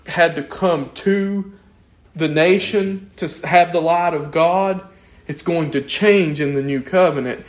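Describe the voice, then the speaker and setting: A man teaching an informal Bible study, lively and questioning, often chuckling as he explains the text. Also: a little high.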